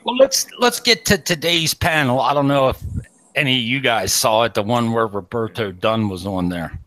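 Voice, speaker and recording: A man hosting a casual online radio panel, steering the chat in a relaxed way with casual swearing. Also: mid-range voice, normal speed, low-quality recording.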